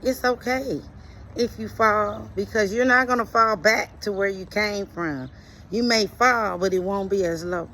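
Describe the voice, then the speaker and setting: A middle-aged woman speaks slowly and deliberately, her voice carrying a gravelly, frayed texture. She delivers an earnest, preachy monologue of life lessons. Faint traffic passes in the background. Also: mid-range voice, pushed and bright, low-quality recording. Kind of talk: reflective motivational monologue.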